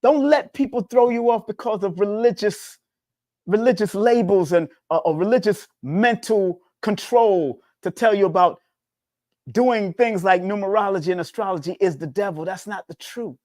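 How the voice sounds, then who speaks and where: Man, spiritual teacher type, casual preachy talk with big pitch swings, dry recording. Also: normal speed, darkish tone, no echo.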